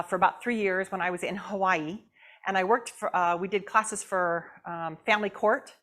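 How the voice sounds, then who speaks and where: A woman's voice: on the low side, a bit bright. A woman guest speaker giving a conversational sermon in church. She asks the audience questions and acts out the voices she quotes. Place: church sanctuary.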